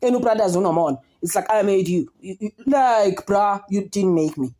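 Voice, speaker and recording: A woman's voice: mid-range voice, normal speed. A young South African woman chatting casually as she reviews a reality show, switching languages and calling on her viewers. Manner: chatty, code-switching, animated gossip with frequent "guys" and laughs. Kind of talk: casual chat.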